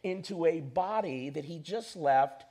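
Guy pastor preaching, kinda husky, gets the church to shout back. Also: a little high, measured pace. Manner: animated preaching, leads the congregation in call-and-response. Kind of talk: sermon.

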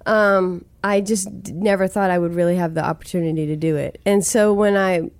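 A woman's voice: lowish voice, steady tone, normal speed, dry recording. A woman in her forties with a Boston accent, a songwriter chatting casually in an interview and laughing often. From Massachusetts. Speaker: songwriter guest.

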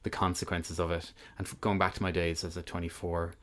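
Deep-voiced man chatting about films. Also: a little fast. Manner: chatty, wry, animated when riled. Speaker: film review podcast host. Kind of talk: casual chat.

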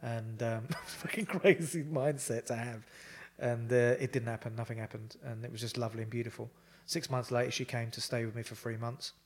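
A man's voice: mid-range voice, steady tone, fairly quick, hardly any pauses. A man telling personal stories in a casual chat, rambling with lots of fillers and quoted dialogue. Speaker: podcast guest. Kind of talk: casual storytelling.

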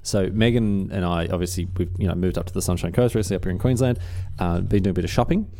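A man's voice: low voice, quick pace, warm tone. A man co-hosting a podcast, telling rambling stories in a casual chat and slipping into playful put-on voices. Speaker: podcast co-host.

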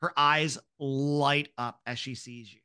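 A man's voice: medium pitch, steady tone, slow, sharp tone, clear, resonant tone. A man hosting and narrating a tabletop game, rambling with many restarts. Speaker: game master and host.

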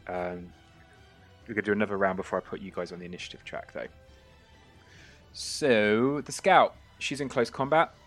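A man's voice: fairly low pitch, expressive, a little fast, fairly bright tone, faint music behind. A man running a tabletop game as game master, narrating casually with frequent hesitations.

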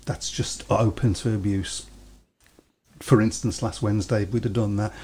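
A man's voice: fairly low pitch, steady tone, moderate pace, darkish tone, a little hiss or hum. A man with a British accent co-hosting a podcast, talking in a rambling way with restarts and chuckles. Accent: British English. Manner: rambling, self-interrupting, chuckling. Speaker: podcast co-host. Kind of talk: casual chat. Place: studio.

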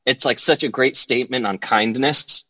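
Animated storytelling man, dry sound. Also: moderate pace, no echo. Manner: animated storyteller, acts out quotes in high voices. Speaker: podcast guest. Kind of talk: casual storytelling chat.

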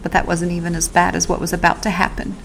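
A woman with a somewhat low voice tells her own story as a podcast host. She speaks earnestly and haltingly, pausing and restarting as she recalls each moment. She also speaks openly of prayer and faith. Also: monotone, gravelly, fairly bright tone, slight background noise. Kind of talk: first-person personal storytelling.

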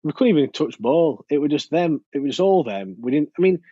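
A man, co-hosting a podcast and talking about football in a frustrated, halting way. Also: fairly high pitch, animated, warm tone, husky, no echo. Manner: frustrated, hesitant, repeats himself. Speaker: podcast co-host. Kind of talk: football fan chat. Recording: dull dry lo-fi podcast audio.

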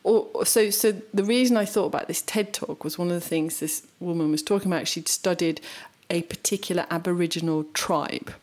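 A woman's voice: fairly low pitch, a little fast, hardly any pauses, darkish tone. A woman in casual podcast chat, talkative and laughing often as she tells stories. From England. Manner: chatty, laughs often, quotes others in little voices.

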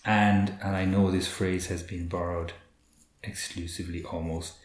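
A man, a guest expert explaining in an earnest, animated way, often restarting with repeated words. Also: low-pitched, normal speed, slight background noise. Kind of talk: conversational explaining. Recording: roomy echo.

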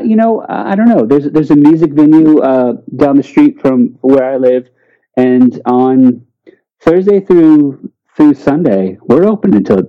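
A man from the United States, a podcast guest, talking casually and haltingly, often repeating words. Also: mid-range voice, phone-quality sound. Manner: halting, repeats words while searching for them. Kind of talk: casual interview chat.

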